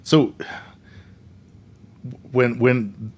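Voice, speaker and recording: A man co-hosting a casual movie-review podcast, speaking in a halting, think-aloud way, recorded in a small room with his co-host. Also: medium pitch, fairly even intonation, slightly rough.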